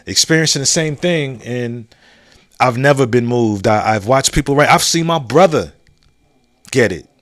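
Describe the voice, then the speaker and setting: A man's voice: mid-range voice, moderate pace, no room sound, clean studio sound. A man hosting a podcast, telling stories in a loose, conversational way, full of fillers and restarts, and chuckling at his own memories. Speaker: podcast host. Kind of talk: casual storytelling monologue.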